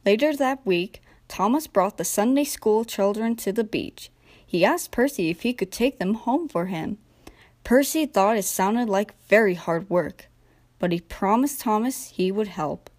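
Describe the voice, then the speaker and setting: A young woman narrating a children's train storybook in a gentle, expressive read-aloud manner. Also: medium pitch, unhurried. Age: young adult. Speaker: storybook reader.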